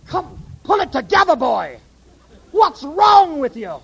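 A man's voice: very high-pitched, very animated, takes it slowly, gravelly, fairly bright tone, voice pushed up, heavily acted. A man voicing a stern old male heavenly elder who scolds in a Scottish accent. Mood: scolding. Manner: barking, scolding.

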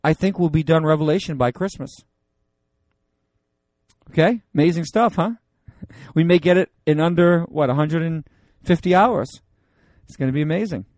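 A man's voice: on the high side, normal speed, a little mellow, dry recording. A man teaching a Bible study in a loose, joking, conversational way, reading scripture aloud with rising emphasis.

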